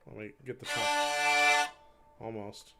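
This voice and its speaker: A man's voice: fairly low pitch, little pitch movement, slow, vocal fry, pushed and bright, faint music behind. A man live-streaming his instrument practice, chatting casually with viewers, rambling, laughing at himself and counting beats aloud. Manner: rambling, self-deprecating, laughs often; talks while playing, counting beats aloud. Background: faint hurdy-gurdy drone.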